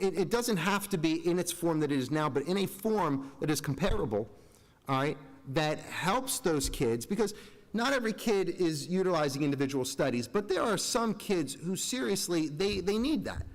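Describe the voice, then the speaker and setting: Board member, 40s man, earnest and rambling, long hall echo. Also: fairly high pitch. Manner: rambling, earnest, self-interrupting. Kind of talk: public meeting remarks. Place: large school meeting room. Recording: reverberant hall.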